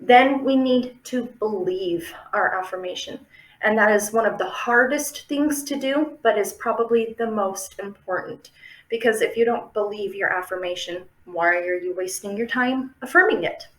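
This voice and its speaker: A woman's voice: medium pitch, normal speed, fairly bright tone. A woman giving a casual, chatty how-to talk on affirmations, often checking in with the listener. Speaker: affirmation practice teacher. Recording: roomy, echoey room.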